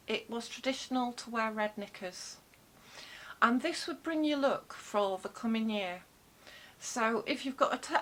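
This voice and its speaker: Woman vlogger, casual home recording, rambling and wry, mid pitch. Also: a bit bright, poor audio. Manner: rambling, jokey asides, self-corrections. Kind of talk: casual chatty storytelling.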